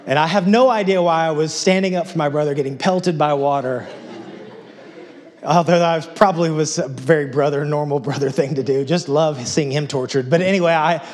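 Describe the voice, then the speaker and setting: A man's voice: on the high side, brisk, a little mellow. A man from Texas preaching a sermon in a conversational, humorous storytelling manner. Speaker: pastor.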